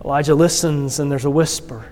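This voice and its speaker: A pastor delivering a sermon, telling the story with expressive acted quotes. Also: male voice, a little high, fairly quick. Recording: long hall reverb.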